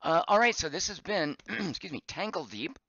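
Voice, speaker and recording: A man streaming a game live, chatting as he plays, reading viewer comments aloud and thinking out loud, his voice getting hoarse. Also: fairly high pitch, very animated, moderate pace, highs cut off. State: voice going hoarse.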